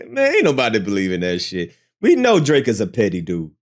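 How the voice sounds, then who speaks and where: A man's voice: lowish voice, wildly swooping pitch, normal speed. A man hosting a reaction channel in a laid-back, joking, conversational way. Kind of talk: casual reaction commentary.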